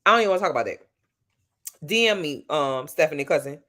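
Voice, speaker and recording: Her voice sits low but comes across a bit bright, with lively intonation and a fast pace. She's a Louisiana woman streaming from home at night, playfully and sassily answering chat and talking right to her audience in her native accent.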